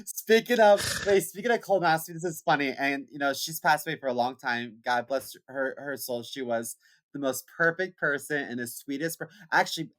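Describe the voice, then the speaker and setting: A young man co-hosting a podcast, telling a funny family story in a casual, animated way and laughing as he goes. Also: medium pitch, a little fast, rough recording. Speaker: podcast co-host.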